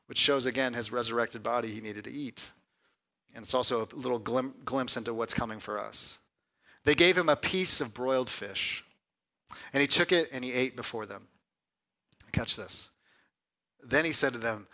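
Bright-voiced man preaching a sermon. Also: mid-range voice, normal speed, long pauses. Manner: swings between hushed, intimate lines and raised, emphatic ones; repeats words and restarts mid-phrase. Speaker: pastor.

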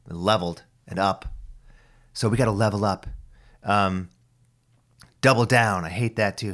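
A man's voice: fairly low pitch, measured pace, pauses often, a bit bright. A man in his thirties hosting a podcast, talking in a loose, rambling and profane monologue with many restarts. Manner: profane, ranting, full of restarts. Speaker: podcast host.

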